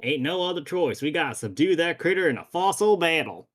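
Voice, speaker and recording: A man's voice: a little high, lively intonation, brisk, lightly acted. A man doing a folksy cowboy drawl. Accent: put-on American Western drawl. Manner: folksy, drawling, reading game dialogue aloud. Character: boastful cowboy fossil fighter man, folksy.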